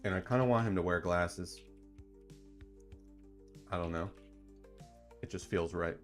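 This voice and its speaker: A man hosting a casual livestream in a laid-back, slangy way that turns excited at times. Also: low voice, measured pace, soft background music. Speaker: streamer and dungeon designer.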